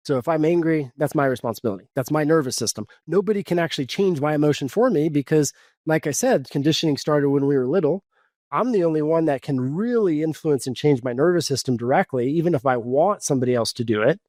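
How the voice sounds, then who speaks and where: Earnest, fairly high-voiced male coach. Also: lively intonation, fairly quick, a little mellow, no room sound, clean studio sound. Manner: earnest, explanatory, acts out inner dialogue. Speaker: guest coach. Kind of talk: podcast interview.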